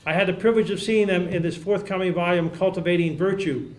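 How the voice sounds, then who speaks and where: A man's voice: high-pitched, fairly even intonation. Man lecturing in an echoey hall. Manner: measured, reads quotes aloud, repeats key phrases. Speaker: academic speaker. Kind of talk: conference lecture.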